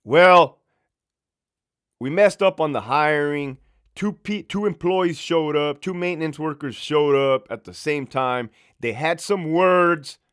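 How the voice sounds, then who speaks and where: A man's voice: a little high, slow, a bit bright, clear, resonant tone, voice pushed up. A man voicing a flustered, slightly drunk male maintenance supervisor calling in a worry. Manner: rambling, anxious phone caller.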